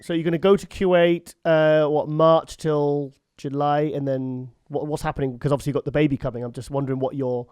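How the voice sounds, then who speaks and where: A man hosting a casual interview, chatty and quick to laugh. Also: on the high side, flat delivery, darkish tone, smooth, no echo, clean studio sound. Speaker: host. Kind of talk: casual chat.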